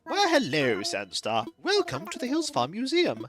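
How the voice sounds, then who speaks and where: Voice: medium pitch, huge pitch swings, normal speed, over music, voice pushed up. A streamer voicing a fussy, polite owl museum curator in a formal, old-fashioned, effusive manner while reading game dialogue aloud. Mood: genteel.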